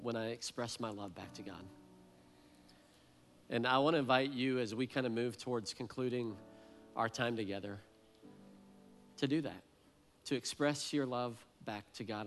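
A man in his thirties preaching a heartfelt sermon, earnest and emotional, often repeating his words. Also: medium pitch. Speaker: pastor.

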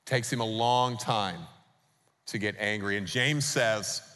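A man's voice: fairly low pitch, takes it slowly, sharp tone. A man preaching a sermon as pastor, emphatic and putting rhetorical questions to the congregation. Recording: long reverb of a large hall.

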